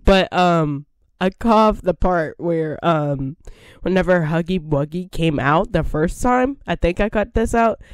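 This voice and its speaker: A woman talking to her viewers as a gaming creator, slow and unhurried, with a rather low voice. She rambles and repeats herself with a giggly edge, and the sound is close and dry. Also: expressive, no echo. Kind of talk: casual chat to viewers.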